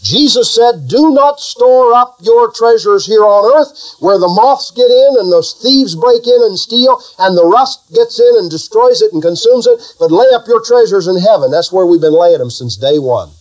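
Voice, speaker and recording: A man's voice: high-pitched, lively intonation, normal speed, hardly any pauses, low-quality recording. A male pastor preaching a sermon, building emphasis through repetition and leading the congregation in call-and-response.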